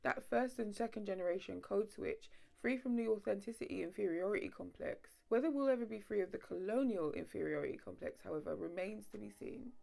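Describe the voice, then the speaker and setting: Woman, video essay host, gravelly fry, mid-pitched voice. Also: brisk, few pauses. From London, England. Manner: animated, playful asides.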